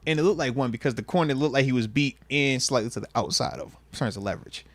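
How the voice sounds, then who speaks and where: A man hosting a casual sports talk show, playful and animated, often laughing and repeating himself. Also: mid-range voice, quick pace, no echo. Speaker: podcast host.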